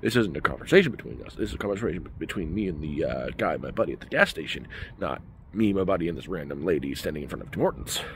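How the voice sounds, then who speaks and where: A man's voice: a bass voice, animated, quick pace, slight background noise. A man telling a story as a casual rant in a vlog, emphatic and heated. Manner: ranting, emphatic. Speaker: vlogger.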